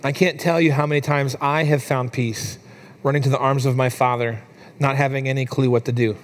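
A man in his thirties preaching a sermon, telling a family story in a relaxed, conversational way with fillers, his voice climbing higher when he gets emotional. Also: brisk. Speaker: pastor.

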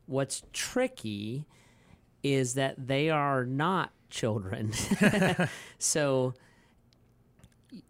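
A man's voice: medium pitch, smooth, no room sound. A man in his forties, a pastor, talking casually on a podcast, rambling through stories with many fillers and restarts and laughing easily.

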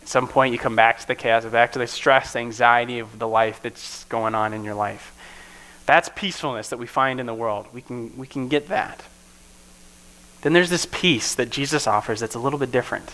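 Bright-voiced man giving a casual sermon. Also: medium pitch, moderate pace, rough recording. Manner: keeps checking in with listeners with "right?". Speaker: preacher.

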